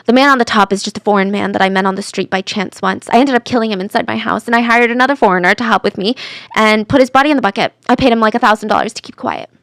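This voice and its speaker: A woman's voice: medium pitch, racing, fairly bright tone, no echo, studio quality, lightly acted. A woman voicing a female suspect who answers questions in a matter-of-fact, rehearsed way. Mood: flat, evasive. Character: woman suspect, calm, flatly evasive.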